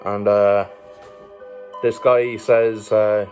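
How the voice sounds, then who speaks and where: Irish male vlogger, casual rambling storyteller, low and monotone, sweary. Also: very slow, soft background music. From Ireland. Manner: rambling, sweary, with frequent fillers and chuckles.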